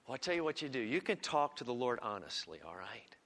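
Preacher guy, loud then hushed, sharp bright tone, big echoey church. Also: a little high, expressive, fast talker. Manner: emphatic, swinging from loud to hushed. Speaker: pastor. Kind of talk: sermon. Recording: long reverb of a large hall.

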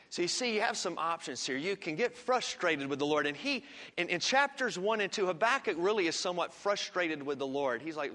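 A man preaching a sermon, swinging from loud emphatic lines to hushed ones. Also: a little high, lively intonation, moderate pace. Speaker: pastor. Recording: long reverb of a large hall.

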